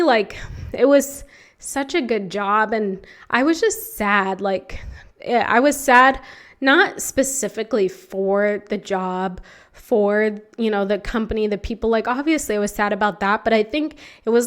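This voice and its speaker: A young adult woman hosting her own podcast, telling a personal story in a candid, emotional way with many fillers. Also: on the high side. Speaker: podcast host. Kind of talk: reflective solo podcast monologue.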